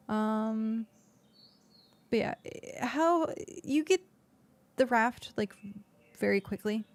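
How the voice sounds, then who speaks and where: With faint music in the background, a woman gives casual gameplay commentary into her desk mic, explaining the game as she plays and using plenty of fillers. Her voice is medium in pitch, gravelly, and darkish.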